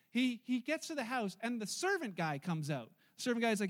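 Pastor guy preaching, high voice, really animated, does little voices for the story people. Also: fast talker. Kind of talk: sermon. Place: church.

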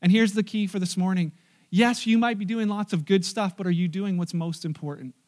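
A man preaching a sermon in church, animated and joking, acting out scenes. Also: high-pitched, brisk. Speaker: pastor.

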